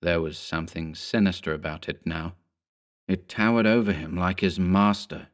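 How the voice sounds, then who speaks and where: A man with a fairly low voice reads a horror story aloud. His delivery is measured and steady, the pace of scripted audiobook narration.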